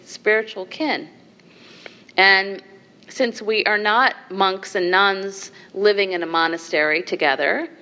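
Slow, measured woman giving a dharma talk. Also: medium pitch. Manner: slow, measured, with soft laughs and rhetorical "right?". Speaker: Buddhist meditation teacher. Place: meditation hall with a group.

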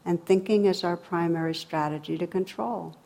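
A woman with a slightly low voice speaks like a meditation teacher addressing a group. She talks conversationally and unhurriedly. Her humor is dry and sarcastic, and she laughs easily. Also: moderate pace, creaky, warm tone. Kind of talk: reflective talk on meditation.

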